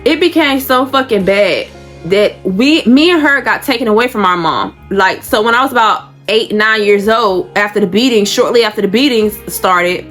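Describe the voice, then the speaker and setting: A woman's voice: mid-range voice, moderate pace, a bit bright, faint music behind. A woman from Georgia, telling her own story on a vlog in a blunt, profane, rambling way. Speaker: vlogger. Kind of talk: candid personal storytelling.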